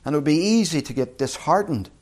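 A man preaching a sermon, earnest, slowing down and rising in pitch when quoting scripture. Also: animated. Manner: earnest, slows and rises on scripture quotes.

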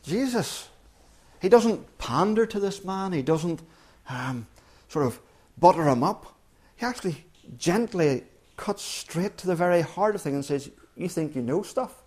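His high, expressive voice moves at a measured pace through the sermon. He is earnest and forceful, often starting phrases over and hitting important words with abrupt loud emphasis.

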